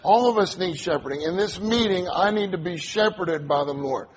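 A man's voice: high voice, moderate pace, highs cut off, slight background noise. A man preaching a sermon, earnest, repeating key phrases and drawing responses from the congregation.

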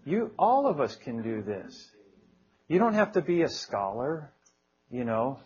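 A man's voice: medium pitch, very animated, a little slow, a little mellow, highs cut off. A man preaching a sermon in an earnest, conversational way, with small jokes and prayerful quotes.

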